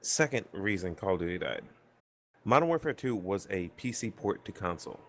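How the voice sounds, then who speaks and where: A man with a very low voice lays out strong opinions in a casual panel chat. Faint noise hums under the recording. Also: expressive, a little fast. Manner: opinionated, explaining. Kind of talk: casual round-table chat.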